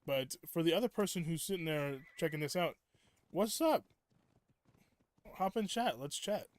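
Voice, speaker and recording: A young man streaming a game and talking off the cuff, his voice sitting a little high for a man. He rambles and restarts his sentences, leaning on fillers as he goes. The sound is close and dry, with almost no room echo. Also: lively intonation, normal speed. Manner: rambling, filler-heavy, self-interrupting storytelling. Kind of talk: casual live-stream chat.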